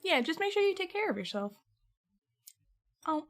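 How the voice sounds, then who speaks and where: A woman's voice: extremely high pitch, big pitch swings, moderate pace. A young woman streaming from home, chatting casually and answering her live chat as she goes. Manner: chatty, reads and answers chat messages, rambling.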